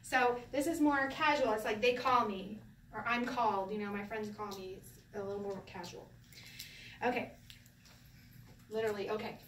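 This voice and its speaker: An older woman teaching a casual Hebrew lesson to a group, chatty and quick to laugh. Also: mid-range voice, steady tone, distant mic, a little hiss or hum. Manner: chatty, laughs often, acts out phrases. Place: room with a group of learners. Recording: echoey room recorded from afar.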